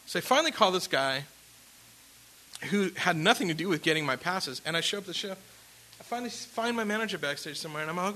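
A man's voice: a little high, fast talker, a little hiss or hum, rough recording. A man casually telling a rambling personal story as a musician, with lots of fillers and restarts. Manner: rambling, animated, with fillers and laughs.

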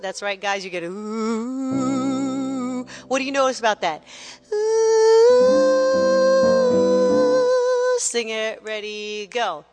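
A woman's voice: mid-range voice, fairly quick, long reverb tail, loud music behind the voice. A woman teaching a gospel singing class, coaching students energetically, counting them in and singing phrases to show them. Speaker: vocal teacher.

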